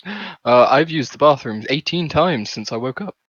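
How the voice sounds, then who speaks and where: A man's voice: fairly high pitch, expressive, normal speed, background noise. A man playing a tabletop game over a voice call, weary and rambling, swearing about his job. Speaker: player. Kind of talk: casual chat over a voice call. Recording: dull dry mic on a call.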